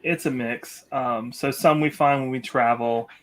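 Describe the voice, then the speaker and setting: A man guest tells a story in an unhurried, laid-back way. He pauses often with fillers and comes across as relaxed and conversational. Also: mid-range voice. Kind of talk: casual chat.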